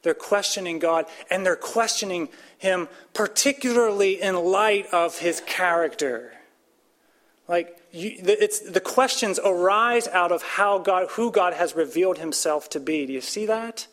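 A man's voice: measured pace, a bit bright. A man giving a conversational Bible teaching, speaking casually with frequent restarts and pushing up his voice for emphasis. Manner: casual, restarts and fillers, rises in pitch and volume for emphasis.

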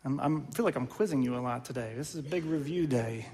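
A man preaching a sermon, animated and questioning, often checking in with the congregation with "right?". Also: mid-range voice, fast talker, long reverb tail. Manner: animated, asks the audience questions, frequent "right?". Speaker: pastor.

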